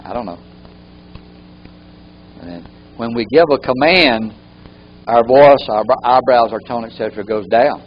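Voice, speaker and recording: A man's voice: mid-range voice, normal speed, highs cut off, a little hiss or hum. A man teaching a live training workshop, often repeating key phrases for emphasis.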